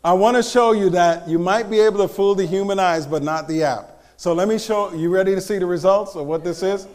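High-voiced man joking with a crowd. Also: fairly quick. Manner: animated, joking, teasing the crowd. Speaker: speaker presenting to an audience. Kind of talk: live talk to an audience.

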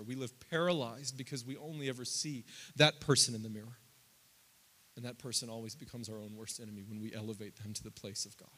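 A man in his thirties preaching a sermon, climbing loud and high through lists and quoted prayers, then dropping low and quiet. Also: husky. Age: 30s. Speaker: pastor.

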